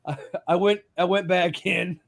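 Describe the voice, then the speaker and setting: A man's voice: high-pitched, fairly even intonation, unhurried, gravelly, a bit bright. A man hosting a casual live talk show, telling a funny story with lots of laughter. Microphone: own mic at home.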